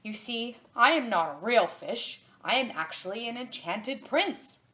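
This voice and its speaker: A woman's voice: a little high, lively intonation, unhurried, bright, forceful tone, pitched above the performer's own voice. A woman voicing an enchanted talking flounder who is really a prince, courteous and pleading in a storybook reading. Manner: polite, pleading then grandly granting.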